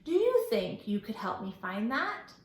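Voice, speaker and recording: A woman's voice: on the high side, sing-song, a little slow, reverberant, a little hiss or hum. A woman reading a storybook aloud, voicing an earnest, polite little boy in a raised voice.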